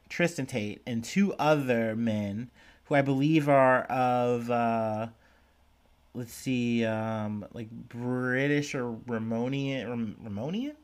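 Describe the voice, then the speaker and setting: A young man hosting a solo podcast, talking through the news in a loose, rambling way, full of fillers and self-deprecating asides. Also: medium pitch. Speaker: podcast host. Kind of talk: casual solo news commentary.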